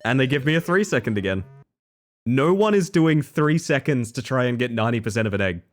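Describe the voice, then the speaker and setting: Animated man streaming games. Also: brisk. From Western Australia. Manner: animated, jumps between nervous mumbling and high excited outbursts. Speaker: livestreamer. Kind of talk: casual livestream chat.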